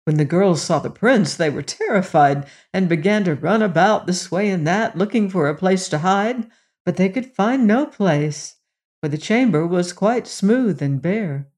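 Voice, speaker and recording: A storyteller reading a fairy tale aloud in a measured, gently expressive way. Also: medium pitch. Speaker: narrator.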